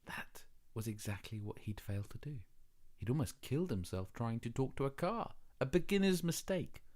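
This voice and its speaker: A man reading a children's novel aloud as audiobook narrator, measured and expressive. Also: mid-range voice. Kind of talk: scripted narration.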